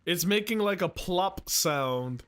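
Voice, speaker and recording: A man's voice: high-pitched, lively intonation, takes it slowly, a bit bright. A male streamer chatting casually while reacting to a game, joking crudely and laughing often.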